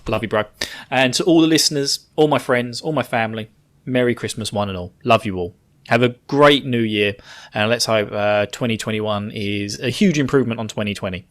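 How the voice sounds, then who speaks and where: A man's voice: mid-range voice, a little fast, a bit bright. A man recording a chatty, joking holiday message as a podcast guest.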